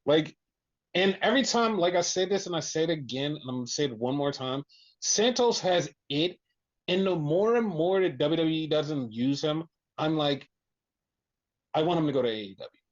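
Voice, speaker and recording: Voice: mid-range voice, moderate pace, muffled recording. A podcast host recapping in casual chat, swearing freely and acting out quotes. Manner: profane, animated retelling with voiced quotes.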